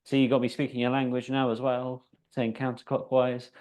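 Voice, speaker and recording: A man's voice: medium pitch, steady tone, a little fast. A man leading a seated exercise class as the instructor, chatty and encouraging, counting down each round. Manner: chatty, encouraging, counts down out loud, laughs at himself. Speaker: fitness instructor.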